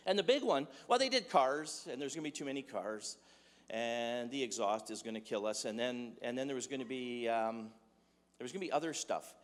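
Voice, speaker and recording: A man giving a humorous sermon in a conversational, joking way, full of rhetorical questions. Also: mid-range voice. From Dutch heritage. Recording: echoey hall with long reverb.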